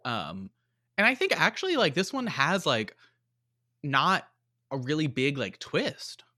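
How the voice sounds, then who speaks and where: A man's voice: a little high, wildly swooping pitch, a little slow, sharp tone. A man casually reviewing a movie on a podcast, rambling with lots of fillers. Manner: rambling, many fillers and likes. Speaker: podcast co-host.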